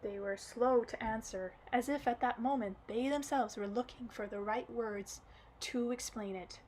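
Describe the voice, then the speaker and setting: A woman reads an audiobook in a fairly high voice while losing her voice. She drops into soft, hushed asides between passages, over a faint noise. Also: normal speed, low-quality recording. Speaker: audiobook reader. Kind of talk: casual audiobook reading with asides.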